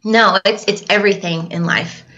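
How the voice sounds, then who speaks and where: A young woman, a guest in an interview, telling a personal story in a halting, hesitant way with many fillers. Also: medium pitch, steady tone, sharp tone. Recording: dull lo-fi recording.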